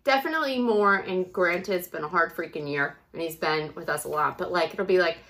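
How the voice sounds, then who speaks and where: A woman's voice: fairly low pitch, fairly quick, fairly bright tone. A woman in her thirties co-hosting a podcast, talking in candid, profane, laughing banter about family life. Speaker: podcast co-host. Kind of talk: casual chat.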